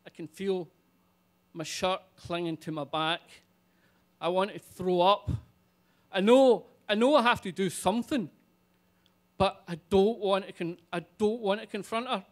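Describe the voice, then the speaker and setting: Slow-talking storyteller man. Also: high-pitched. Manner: animated, swearing, comic. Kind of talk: live personal storytelling. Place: live stage in a venue.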